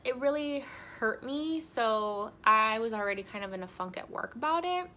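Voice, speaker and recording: A woman's voice: mid-range voice, sharp tone, a little hiss or hum. A young woman vlogger tells a personal story in a heartfelt, emotional way, crying as she talks, full of ums and likes.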